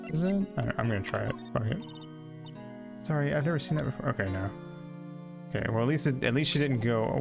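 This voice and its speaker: A man's voice: medium pitch, vocal fry. Man joking through a game stream. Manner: joking, swears casually. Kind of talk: casual gameplay commentary, reading dialogue aloud.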